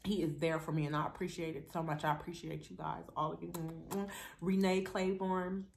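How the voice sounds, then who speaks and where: A woman's voice: lowish voice, little pitch movement, normal speed, vocal fry. A middle-aged woman chatting affectionately and playfully to camera as a vlogger. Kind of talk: casual chat to camera.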